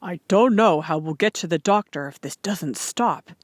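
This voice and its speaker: A woman's voice: lowish voice, expressive, moderate pace, no room sound, studio quality. A woman reading aloud, voicing an earnest, anxious farmer father in a plain, near-natural voice.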